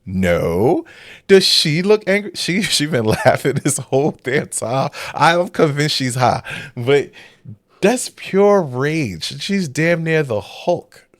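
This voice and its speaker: Animated man commenting, lively pitch swings. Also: slow, no room sound, studio quality. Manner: animated, incredulous, blunt. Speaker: reaction commentator. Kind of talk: casual commentary.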